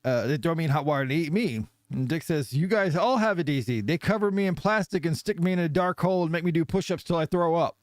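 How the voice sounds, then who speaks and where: A man's voice: fairly high pitch, quick pace, few pauses. A man hosting a casual podcast, telling old jokes and laughing often. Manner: laughs often, jokey storytelling. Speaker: podcast host.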